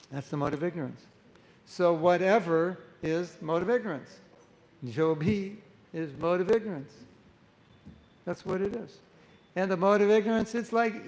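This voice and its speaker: A man's voice: fairly high pitch, low-quality recording. A man giving a conversational sermon to a live group, asking the audience questions and acting out the voices he quotes. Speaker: monk giving a spiritual talk.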